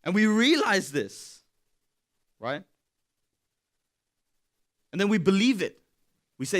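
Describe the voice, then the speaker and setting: A man giving a sermon in a candid, conversational way, swinging from loud to hushed. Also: high-pitched, sing-song, takes it slowly, long pauses. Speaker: pastor.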